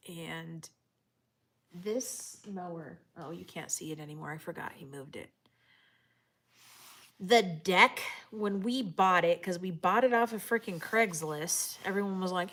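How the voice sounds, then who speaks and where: A woman's voice: on the low side, a little slow, a bit bright. A woman livestreaming casually outdoors, reading chat and talking to viewers, often dropping into whispers and bursting into laughs. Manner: chatty, drops to whispers and laughs.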